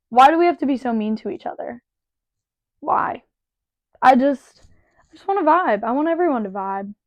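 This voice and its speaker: A woman with a somewhat high voice vents in a casual, profane, exasperated monologue. She laughs often between complaints. The recording is dry and a little dull and lo-fi. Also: dry recording. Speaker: podcast host and bartender.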